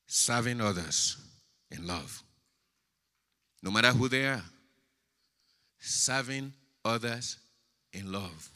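A male pastor preaching a sermon, swinging from quiet, drawn-out words to loud, emphatic lines. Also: medium pitch, lively intonation. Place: church sanctuary. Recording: church hall with long reverb.

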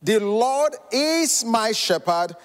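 Preacher guy, high voice, swings all over, long hall echo. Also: animated. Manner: preaching with dramatic pauses and repetition. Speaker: pastor. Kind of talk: sermon.

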